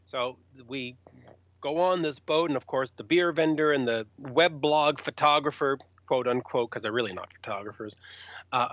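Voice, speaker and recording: A man's voice: mid-range voice, moderate pace, no echo. A man, a rock journalist, casually telling stories and acting out the people in them. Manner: animated, acts out others in raised voices. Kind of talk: casual storytelling. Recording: dull lo-fi dry sound.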